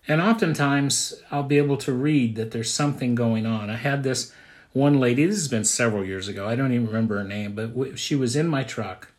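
A man who is a pastor, preaching an earnest, conversational sermon and repeating key phrases. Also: medium pitch.

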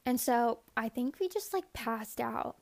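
A young woman telling a story straight to camera, casual and unfiltered. Her voice sits a bit high and carries plenty of vocal fry. She keeps dropping into quoted inner monologue and fills her talk with "like". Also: animated, unhurried. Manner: candid, profane, rambling with many "like"s; acts out her own inner thoughts in quotes.

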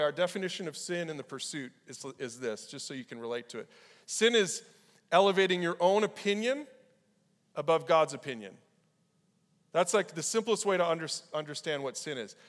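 A fairly high-voiced man preaches to young people in a big church hall, and his words trail off into a long reverb. He talks in a loose, casual way and drops into quick acted voices for the people in the story. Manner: animated, acts out quoted voices. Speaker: pastor. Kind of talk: youth sermon.

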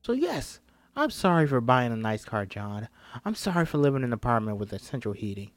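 A man's voice: medium pitch, big pitch swings, fairly quick, dry recording, soft background music. A man voicing a frustrated, hurt friend in his thirties who argues heatedly and pleads.

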